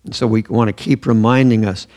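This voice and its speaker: A man's voice: lowish voice, fairly even intonation, a little fast, mellow. A man preaching a sermon in a church, earnest and emphatic, repeating his key phrases. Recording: long hall reverb.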